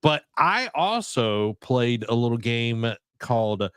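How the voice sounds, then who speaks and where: A man's voice: mid-range voice, sing-song, slow pace, smooth, no room sound, clean studio sound. A man co-hosting a podcast, chatting casually about video games and rambling with many fillers and restarts. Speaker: podcast co-host.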